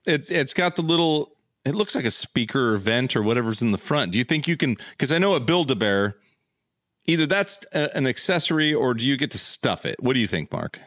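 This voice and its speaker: A man's voice: mid-range voice, sing-song, brisk, fairly bright tone, no room sound, clean studio sound. A man hosting a podcast, joking around and rambling in casual chat. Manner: jokey, rambling. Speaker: podcast host.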